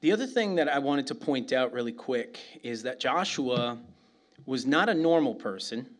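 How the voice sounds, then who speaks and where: A middle-aged man from New York City, preaching a sermon full of humorous stories, laughing often and asking "right?" again and again. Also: mid-range voice. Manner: animated, laughs often, asks "right?" constantly. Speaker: pastor.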